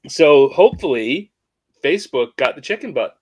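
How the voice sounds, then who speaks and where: A man's voice: a little high, lively intonation, moderate pace, a little mellow, husky, dry recording. Playful man co-hosting a podcast. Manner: playful, jokey banter; organized, walks through the plan. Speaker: podcast co-host. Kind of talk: casual podcast chat.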